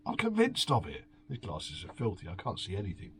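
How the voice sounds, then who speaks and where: A fairly low male voice, slightly fast and full of huge pitch swings, hosts a drunken home review with beer in hand. He reads out an article and sneers at it through sighs, swearing and sarcasm, against slight background noise.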